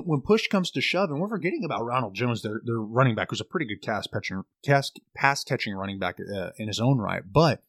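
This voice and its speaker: A young man co-hosting a sports podcast, talking fast with lots of restarts and repeated words. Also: mid-range voice, no echo. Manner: animated, stammering restarts. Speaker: podcast co-host. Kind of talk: casual sports chat.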